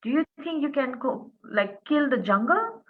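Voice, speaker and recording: A woman doing a sharp, teasing young girl. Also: sits high, lively intonation, moderate pace. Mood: mocking. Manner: mocking, pointed questions. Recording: tinny phone-like line.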